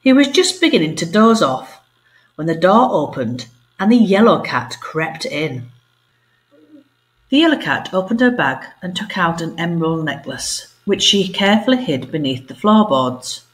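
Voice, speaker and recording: A woman teacher reading a story aloud to her pupils, expressive and animated. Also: on the low side, measured pace. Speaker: primary school teacher. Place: home.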